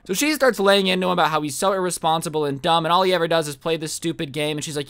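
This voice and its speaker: Brief: young guy, storytime narrator, talks straight to the listener, sits a bit higher in pitch. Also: fast, hardly any pauses, a bit bright, no echo. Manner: chatty, addresses listener directly with asides. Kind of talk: casual storytelling.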